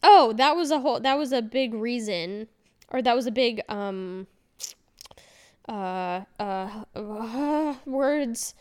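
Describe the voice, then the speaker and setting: Woman podcast host, rambling casual chat, smooth resonant voice, lots of ums. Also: on the high side, slow. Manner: rambling, self-correcting, many fillers; chatty and candid.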